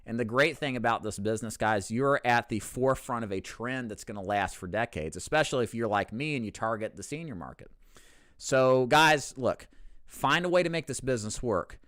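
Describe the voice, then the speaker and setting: A man's voice: mid-range voice, expressive, brisk, a bit bright, no echo, clean studio sound. A man hosting a casual question-and-answer talk, candid and joking at his own expense, often restarting his sentences. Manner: candid, joking, self-deprecating, with frequent restarts. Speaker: insurance agency owner and host. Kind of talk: casual Q&A monologue to camera.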